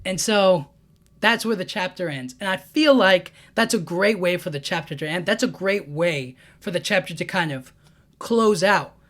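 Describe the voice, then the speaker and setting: A man's voice: sits high, animated, normal speed, a bit bright. A young man casually recapping a comic chapter, rambling with many 'you know what I mean' fillers. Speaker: manga breakdown YouTuber.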